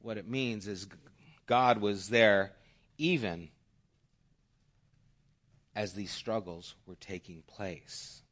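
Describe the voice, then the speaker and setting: A man preaching a sermon, telling a parable earnestly with shifting loudness. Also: on the low side. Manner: earnest, dynamic, varied loudness. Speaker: pastor. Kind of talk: sermon with storytelling.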